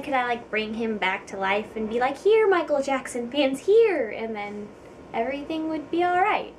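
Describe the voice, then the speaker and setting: Young woman, chatty vlog, giggly, self-deprecating, voice a touch high, mic a bit far off. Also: slight background noise. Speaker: vlogger. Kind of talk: casual chat to camera.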